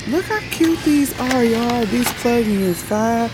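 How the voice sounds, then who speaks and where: A woman's voice: on the high side, expressive, takes it slowly, over loud music. A woman vlogger chatting casually to camera, frank and talkative, calling her viewers y'all and swearing freely, over a noisy background. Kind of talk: casual vlog chat to camera.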